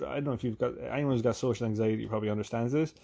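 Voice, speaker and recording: Gravelly Irish man with a toned-down accent. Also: medium pitch, fairly even intonation, racing, warm tone. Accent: softened Irish. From Ireland. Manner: chatty, profane, self-deprecating storytelling. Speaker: vlogger. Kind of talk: rambling casual monologue.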